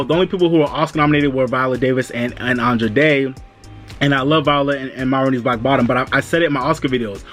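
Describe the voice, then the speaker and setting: A man giving a casual, chatty review of an awards show, loose and quick, slipping into high-pitched voices to act out reactions. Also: fairly bright tone.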